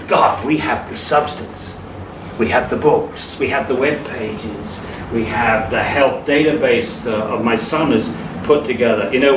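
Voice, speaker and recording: A man giving a public lecture in a hall, emphatic and scornful, laughing at his own jokes. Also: fairly high pitch. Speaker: speaker. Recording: echoey hall from far off, noisy.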